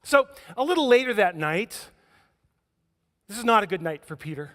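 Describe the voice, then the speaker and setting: A man's voice: sits high, big pitch swings, normal speed, fairly bright tone. A man preaching a sermon as pastor, telling stories with humor and acting out the scenes. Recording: echoey church hall.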